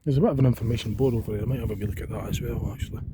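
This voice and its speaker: This man from Scotland has a voice on the low side and a steady tone, speaking rapid-fire. On a cold day by a reservoir, he films a casual walking vlog, rambling and thinking out loud with lots of fillers, with background noise in the outdoor camera audio.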